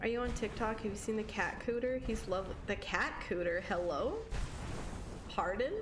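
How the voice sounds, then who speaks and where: A woman's voice: mid-range voice, moderate pace, noisy background. A young woman livestreaming a game, chatting with viewers in a casual, giggly way and swearing freely. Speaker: live streamer. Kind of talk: casual gaming stream chat with viewers.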